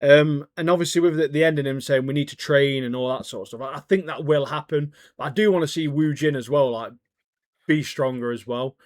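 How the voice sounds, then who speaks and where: A man's voice: a little high, a little fast, dry recording, studio quality. A man co-hosting a podcast, chatting casually in slang and acting out characters' lines. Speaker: podcast co-host. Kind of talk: casual chat.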